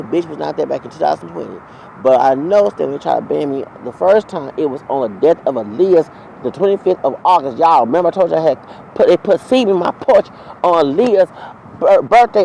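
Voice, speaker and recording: Gravelly guy ranting outside, kinda high voice, faint street noise. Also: darkish tone, low-quality recording. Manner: heated, profane, rambling. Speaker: vlogger. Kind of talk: ranting storytime monologue.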